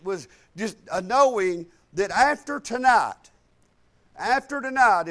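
A male pastor delivers a live sermon, getting loud and high-pitched on key points, then dropping to quiet asides and often repeating words.

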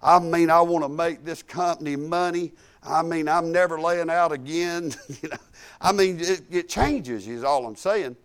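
A man's voice: a little high, moderate pace, clear, resonant tone. A man preaching a storytelling sermon in a folksy, conversational way, chuckling now and then.

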